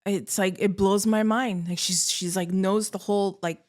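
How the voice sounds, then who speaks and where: A middle-aged woman from Miami, a guest on a podcast, chatting casually and playfully and breaking into loud comic bits. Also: mid-range voice, fairly even intonation, moderate pace. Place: podcast studio.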